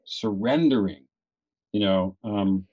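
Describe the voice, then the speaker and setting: A middle-aged man from Los Angeles, a guest actor telling a story in a casual podcast interview, animated and swearing freely as he acts out his own thoughts. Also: lowish voice, takes it slowly, no room sound. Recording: dull lo-fi recording.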